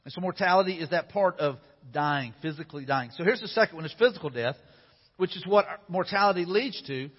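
A man's voice: high voice, lively intonation, brisk, slightly rough. A male pastor preaching a sermon in a conversational way, often repeating phrases, recorded in a church hall. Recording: dull sound with long hall reverb.

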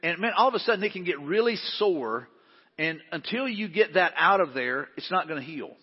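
Male pastor, middle-aged, folksy sermon delivery, higher voice, muffled church-hall recording. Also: animated, a little fast, slightly rough. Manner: folksy, conversational with frequent restarts.

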